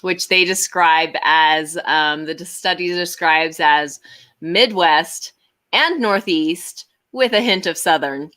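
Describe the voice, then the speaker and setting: A woman's voice: fairly low pitch, slow pace, sharp tone. A woman co-hosting a casual chat, reading items aloud and laughing often. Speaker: co-host.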